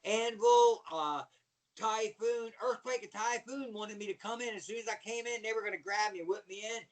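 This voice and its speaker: Animated, profane storytelling man. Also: high-pitched, fairly quick, far from the mic. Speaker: guest, former pro wrestler. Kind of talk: storytelling in casual chat.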